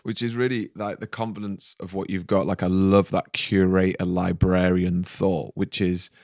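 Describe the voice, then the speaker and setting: A man's voice: low voice, flat delivery, normal speed, a little mellow, no room sound, clean studio sound. A man hosting an interview, affirming his guest and asking follow-up questions. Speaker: interview host. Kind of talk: conversational interview.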